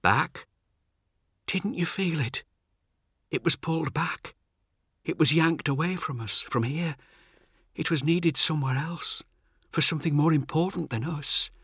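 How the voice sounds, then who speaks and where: A high, strained young woman's voice in a trance, her cries sounding from further off, read by a man. She shrieks and then murmurs in a daze, pitched far above the reader's usual low tone. The delivery is dry and close to the mic. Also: measured pace, long pauses, fairly bright tone, husky, dry recording, heavily acted. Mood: dazed.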